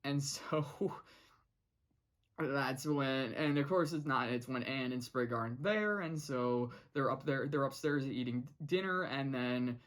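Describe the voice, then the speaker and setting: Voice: medium pitch, slow. Rambling, laughing young vlogger. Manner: rambling, many restarts and laughs. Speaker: show reviewer. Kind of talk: casual vlog episode review.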